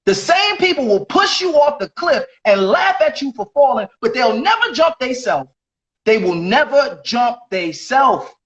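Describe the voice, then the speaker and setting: A man's voice: very high-pitched, very animated, a little slow, fairly bright tone. Preachy man lecturing from an echoey bathroom. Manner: preachy, repeats phrases, lectures. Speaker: live streamer. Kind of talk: heated live-stream argument. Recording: echoey bathroom, dull lo-fi sound.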